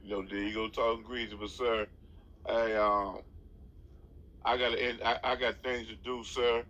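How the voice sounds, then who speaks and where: A man hosts a comedic phone call with mocking, laid-back street talk. His voice is bright and forceful, at a middling pitch. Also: flat delivery, moderate pace. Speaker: host.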